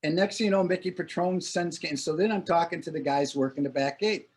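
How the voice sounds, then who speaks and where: An older man telling animated anecdotes in a casual talk, acting out what people said. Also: on the high side, fairly quick, breathy edge. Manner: animated anecdote teller, acts out quotes. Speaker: longtime corps director. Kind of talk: casual storytelling.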